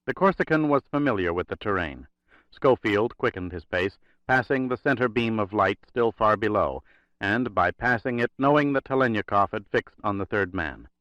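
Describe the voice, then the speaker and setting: A man narrating a thriller audiobook in a steady, measured reading. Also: lowish voice, no echo. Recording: dry, slightly dull recording.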